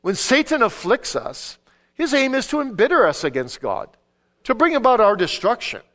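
A middle-aged man giving an earnest sermon-style talk on parenting, swinging between emphatic preaching and quiet storytelling. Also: extremely high pitch, very animated. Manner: quotes scripture with measured emphasis. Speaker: conference speaker on parenting.

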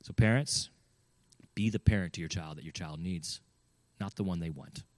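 A man with a fairly low voice tells a personal story and gives advice, earnest and emphatic. He keeps turning to the listener with questions. The sound is dry and close, with no room echo. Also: normal speed. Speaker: speaker giving parenting advice. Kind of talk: storytelling talk.

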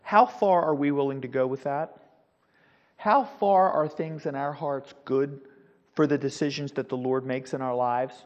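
A man leading a Sunday school Bible class, teaching in an animated, preacherly way with the odd chuckle. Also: medium pitch, measured pace, in a large hall, lo-fi sound. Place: church classroom.

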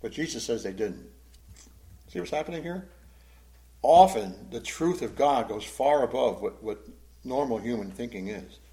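A man's voice: medium pitch, animated, moderate pace, long pauses, dark tone. A man preaching a Bible-teaching sermon in a conversational way, often asking the congregation questions and repeating words as he goes. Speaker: pastor.

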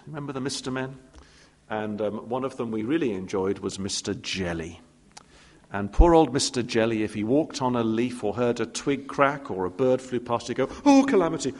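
A man preaching a sermon, telling stories with playful asides and acting out quoted voices. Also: medium pitch. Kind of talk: expository sermon. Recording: long reverb of a church hall.

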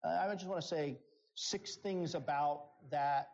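Slow, deliberate male preacher. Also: on the high side, creaky. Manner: slow, deliberate preaching with emphatic rises on key phrases. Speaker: pastor. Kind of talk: sermon. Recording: dull, lo-fi sound.

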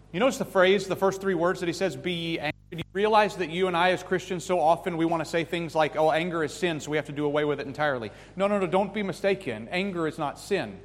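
A man preaching a sermon with earnest emphasis, rising to loud peaks and falling back to soft, pleading lines. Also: fairly high pitch. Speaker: pastor. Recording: long reverb of a hall.

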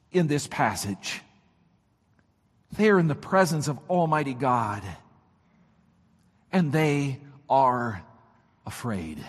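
A man preaching a sermon, his voice weak this morning, swinging from shouts to near-whispers. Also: sits high, big-room sound. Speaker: pastor.

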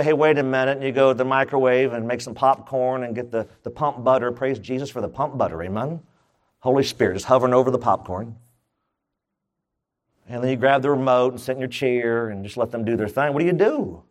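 A middle-aged male pastor preaching a sermon in an emphatic style, with comic asides and sudden jumps up in pitch.

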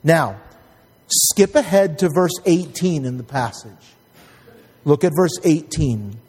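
A man's voice: fairly high pitch, takes it slowly, a little mellow, breathy edge, in a large hall. A man preaching a sermon, emphatic and calling out to the congregation for responses. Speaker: pastor.

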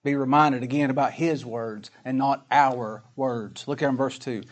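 A man preaching a sermon, folksy and plain-spoken, full of rhetorical questions, reading scripture slowly and with weight. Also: mid-range voice, steady tone. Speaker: pastor.

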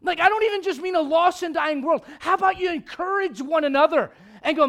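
A man preaching a sermon as a pastor, swinging from loud emphatic lines to hushed ones, with joking asides. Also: very high-pitched, animated, brisk, few pauses.

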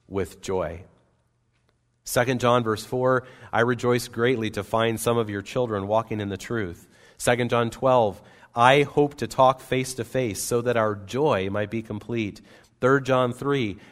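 A man preaching a sermon as pastor, earnest and emphatic, with wide swings between loud and soft. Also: mid-range voice. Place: church sanctuary. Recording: long reverb of a church hall.

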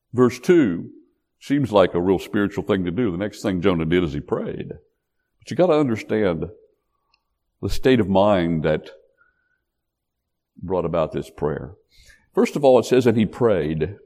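A man preaching a sermon in an animated, emphatic way. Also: low-pitched, measured pace, long pauses. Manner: animated, emphatic, acts out quotes.

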